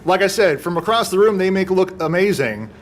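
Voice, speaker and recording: Man, very high voice, relaxed panel talk, quick jokes. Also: slight background noise. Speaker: convention panelist. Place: convention panel room.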